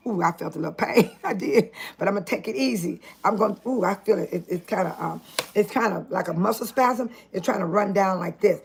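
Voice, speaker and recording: A woman's voice: medium pitch, fairly quick, vocal fry, darkish tone, a little hiss or hum. An older woman chatting casually on a live stream from home into her phone, laughing often and calling out to her viewers by name.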